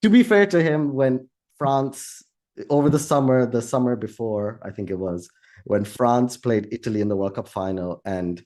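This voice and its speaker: Animated man telling a story on a podcast. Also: mid-range voice, moderate pace. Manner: animated, swearing, laughing while telling a story. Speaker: podcast co-host. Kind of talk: casual chat, storytelling.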